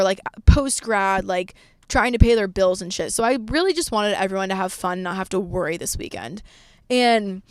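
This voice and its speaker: A woman's voice: mid-range voice, smooth, no echo, clean studio sound. A woman in her twenties telling a candid, rambling story in a casual vlog, swearing freely and saying "like" often. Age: 20s. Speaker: vlogger.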